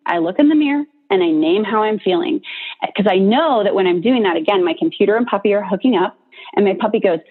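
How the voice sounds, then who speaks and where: A woman giving an informal, encouraging talk on coping with stress, chatty and full of "right?" tags. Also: medium pitch. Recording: tinny phone-like line.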